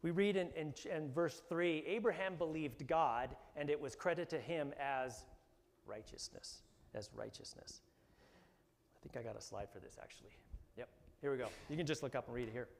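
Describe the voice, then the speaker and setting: A man preaching a sermon as pastor, animated and often rising to emphatic bursts. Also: fairly high pitch, normal speed. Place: church hall. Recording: long hall reverb.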